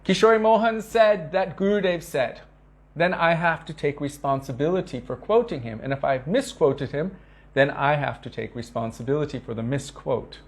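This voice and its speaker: A man giving an earnest devotional talk to disciples, telling stories with emphatic repetition and acting out quoted speech. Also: normal speed. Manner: acts out quoted speech with sharp pitch shifts. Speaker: spiritual teacher.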